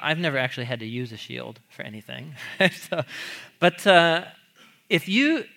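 Bright-voiced man preaching conversationally. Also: fairly high pitch. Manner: conversational, asks the audience questions, laughs often. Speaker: pastor. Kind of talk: sermon teaching on a psalm.

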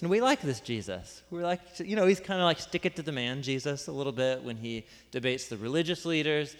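A man gives a sermon from the front of a large room, talking like he is chatting with friends. He keeps tossing out rhetorical questions and pokes fun at his own jokes. His voice sits at an ordinary middle pitch and rings out with the long reverb of a big hall. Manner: conversational, informal, full of asides and rhetorical questions; self-deprecating jokes. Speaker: pastor. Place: large room with a live congregation.

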